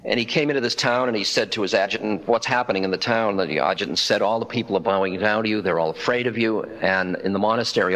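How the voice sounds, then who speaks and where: Older male spiritual teacher, deep voice, relaxed lecture storytelling. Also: low-quality recording. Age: 60s. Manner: conversational, wry, quotes dialogue in stories. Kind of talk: public talk with storytelling. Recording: 1992 lecture recording.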